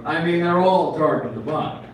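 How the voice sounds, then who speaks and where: A man's voice: fairly high pitch, moderate pace, crowd noise. A man reading his poems at a live event, wry, with joking asides. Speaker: poet. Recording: echoey room, mic far off.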